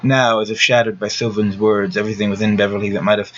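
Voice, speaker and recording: Man, low voice, audiobook narration, steady even reading, dull lo-fi recording, faint hiss. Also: quick pace. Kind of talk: scripted narration of a gothic novel.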